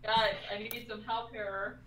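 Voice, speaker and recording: A woman playing at a tabletop game table, animated and excitable in casual chat. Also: mid-range voice, a little slow, recorded from a distance, a little hiss or hum. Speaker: player. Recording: echoey room, away from mic.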